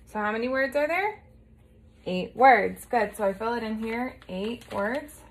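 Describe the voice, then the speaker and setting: A woman's voice: fairly high pitch, expressive, measured pace. A woman teacher giving a recorded lesson to young children, patient and encouraging, often checking in with a "right?".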